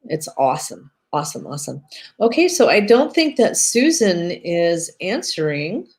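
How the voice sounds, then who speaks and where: Low-voiced chatty woman host. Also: sing-song, normal speed. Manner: chatty, rambling, with many restarts and fillers. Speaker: host and hypnotherapist. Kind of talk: casual chat on a live video stream.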